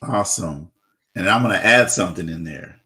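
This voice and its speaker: His tone here is brisk, bright and forceful, though his voice stays low and deep. Hosting a casual interview, he chats in an upbeat manner, using lots of fillers and restarting his sentences.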